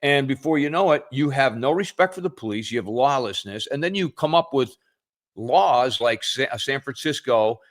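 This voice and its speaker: A middle-aged man chatting on a podcast, telling a story in a folksy way with pauses. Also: mid-range voice, expressive. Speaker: podcast co-host. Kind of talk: casual political chat.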